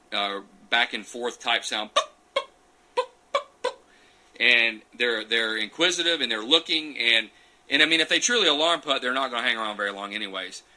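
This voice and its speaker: The speaker is a champion turkey caller chatting through viewer questions during a loose live Q&A and demo, captured on a phone. He has a mid-range voice with a sharp tone over rough audio, and he wanders off on tangents while reading comments out.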